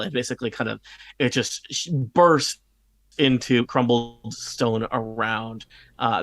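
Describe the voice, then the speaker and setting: A man narrating a tabletop game as game master, relaxed and hesitant, with many fillers. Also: mid-range voice, no echo.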